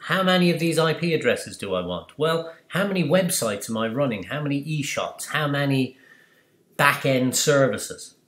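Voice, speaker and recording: A man's voice: fairly high pitch, very animated, fairly quick, few pauses, a bit bright. Guy walking through a tech tutorial, talks himself through questions, echoey room. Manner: explanatory, chatty, asks and answers his own questions. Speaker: tutorial presenter. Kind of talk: screencast software tutorial. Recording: roomy echo.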